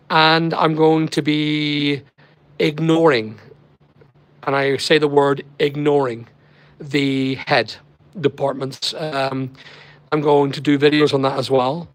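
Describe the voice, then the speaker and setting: Chatting on a live stream from a holiday rental abroad, this middle-aged Northern Irish man wanders from topic to topic and replies to viewer comments. He speaks in a mid-range voice. There's no echo, but the sound is rough, picked up by a laptop or phone on a shaky connection.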